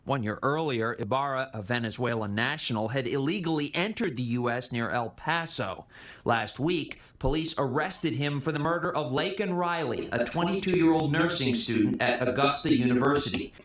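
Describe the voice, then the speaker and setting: A man narrating a news report in a measured, even newsreader delivery. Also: medium pitch. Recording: roomy news clip audio.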